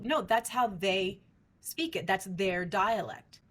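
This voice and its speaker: A woman's voice: medium pitch, moderate pace, a bit bright. A middle-aged woman researcher, a guest in an interview, explaining her field in an emphatic, teacherly way. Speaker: speech language researcher, guest.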